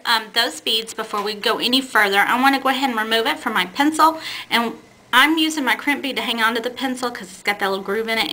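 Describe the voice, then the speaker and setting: Bright-voiced woman teaching beadwork. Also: on the high side, rough recording. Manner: patient, plain, self-correcting while working with her hands. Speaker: beading instructor. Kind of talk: step-by-step craft tutorial.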